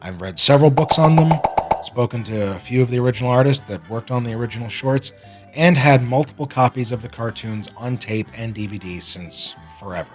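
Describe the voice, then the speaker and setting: Over background music, a man with a medium-pitched, fairly quick voice hosts his own cartoon review show. The critic delivers an opinionated monologue packed with sarcastic rants and self-deprecating asides.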